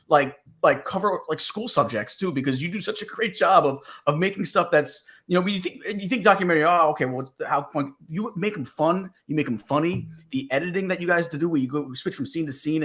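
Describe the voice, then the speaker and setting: Fast-talking New York host. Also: male voice, fairly high pitch, a bit bright. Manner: rambling, many fillers and restarts. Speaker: podcast host. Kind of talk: casual sports talk.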